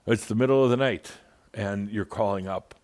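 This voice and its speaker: A man's voice: on the low side, normal speed, darkish tone. A man giving a channeled spiritual talk in a wry, playful way, rambling with fillers.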